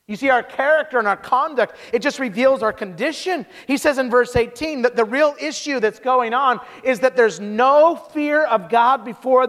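A man preaching a sermon as pastor, telling stories in an animated way with quick restarts. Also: extremely high pitch, long reverb tail.

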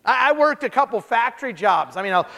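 A man preaching a sermon as pastor, telling stories in an animated way with quick restarts. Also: extremely high pitch, creaky, big-room sound.

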